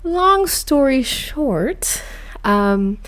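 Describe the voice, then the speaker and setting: Woman podcast host from Miami, higher pitch, animated and self-mocking casual storyteller. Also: extremely slow. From United States, grew up in Miami.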